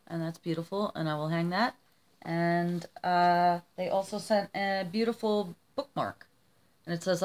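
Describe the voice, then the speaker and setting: A woman's voice: on the low side, normal speed. Gushing woman chatting to camera. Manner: effusive and gushing, with tearful warmth; rambling with restarts and fillers. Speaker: vlogger. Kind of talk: casual chat to camera.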